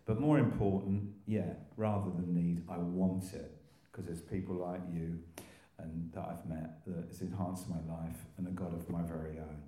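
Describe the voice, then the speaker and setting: A man's voice: low voice, steady tone, moderate pace, warm tone, roomy sound. An older man from England telling his recovery story in a rambling testimony, with restarts and little laughs. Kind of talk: personal testimony talk.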